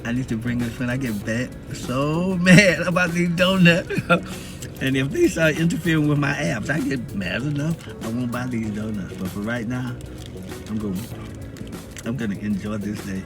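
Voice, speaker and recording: A man's voice: medium pitch, moderate pace, over music. A man from the Southern US talking to camera in a casual, preaching monologue and laughing often between points. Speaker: video blogger.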